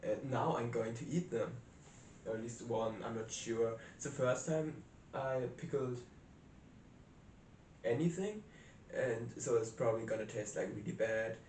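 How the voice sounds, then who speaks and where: A man's voice: medium pitch, unhurried, darkish tone, roomy sound, recorded from a distance, a little hiss or hum. A young man rambling casually in a vlog, hesitant, with many restarts and fillers, in a small room. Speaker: vlogger. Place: small room indoors by a window. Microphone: camera set up close in a cramped room.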